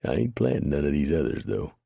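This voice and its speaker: A man voicing a rough, unbothered frontier mountain man with a folksy drawl and dry humor. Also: a bass voice, very animated, quick pace, mellow, no echo, exaggerated voice. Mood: wry folksy.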